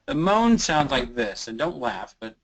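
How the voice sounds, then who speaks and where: A man's voice: mid-range voice, very animated, unhurried, low-quality recording. A man from the Kansas City area, a voice teacher, talking casually in a webinar and showing vocal exercises by moaning, sighing and singing short bits. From Kansas City area, USA. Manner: casual, demonstrates moans, sighs and creaky sounds.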